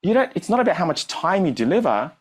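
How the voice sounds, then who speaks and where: A man's voice: sits high, very animated, fast, breathy edge, voice pushed up, full character voice. A man voicing a persistent male business mentor who presses with questions. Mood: insistent. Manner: insistent, questioning.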